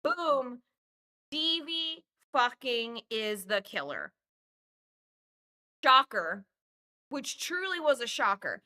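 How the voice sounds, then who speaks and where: A woman's voice: on the high side, slow, long pauses. A woman hosting a podcast, casually retelling a movie plot with lots of swearing and acted-out voices. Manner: animated storytelling, acts out characters, swears freely. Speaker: podcast host. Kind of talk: casual movie review chat.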